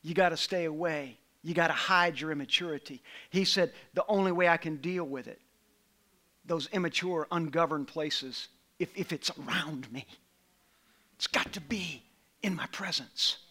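A middle-aged man preaching a sermon, swinging from low, quiet passages to loud, raised ones. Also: moderate pace.

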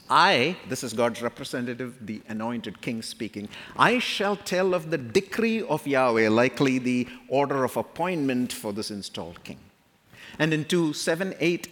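Emphatic male preacher in a reverberant hall. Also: mid-range voice. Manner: emphatic, slows to stress quoted scripture. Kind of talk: expository sermon.

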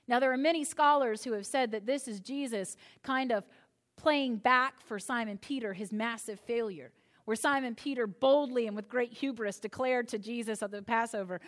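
A woman preaches a sermon in an easy, conversational manner, often turning to the listeners with asides. Her voice sits a little high for a woman. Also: moderate pace.

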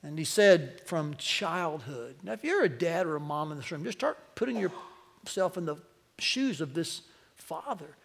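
A male pastor preaching a sermon to a church congregation, animated, his voice climbing as he quotes. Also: a little high, normal speed, vocal fry. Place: church sanctuary.

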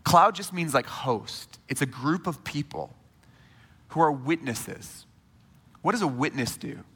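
A man in his thirties preaching a sermon to a church congregation in a conversational, animated way, speaking straight to his listeners. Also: on the high side, a little slow, husky, long reverb tail. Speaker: pastor. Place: church sanctuary.

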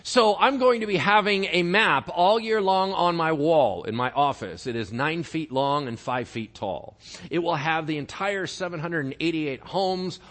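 A man's voice: on the high side, measured pace, a bit bright. A man preaching a casual, conversational sermon to his congregation, acting out bits of dialogue as he goes. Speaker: pastor.

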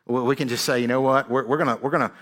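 A male pastor delivering a sermon at an ordinary, middle pitch. He preaches in a conversational way, checking in with "right?" and stumbling over repeated words as he builds each point. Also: steady tone, racing, fairly bright tone.

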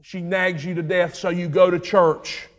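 High-pitched man preaching in a reverberant hall. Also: little pitch movement, a little slow. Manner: rhythmic preaching, swinging from shouts to low hushed lines. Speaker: pastor. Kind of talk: sermon.

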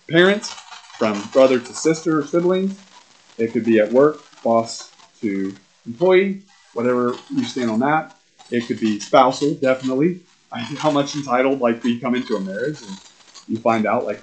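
A man's voice: medium pitch, low-quality recording. A middle-aged man, a pastor, preaching a conversational sermon with probing questions and frequent fillers.

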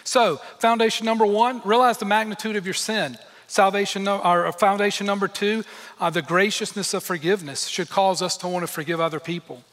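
A man's voice: sits high, fairly even intonation, a little fast, fairly bright tone. A man preaching a sermon as pastor, earnest and emphatic, with candid personal asides. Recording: long hall reverb.

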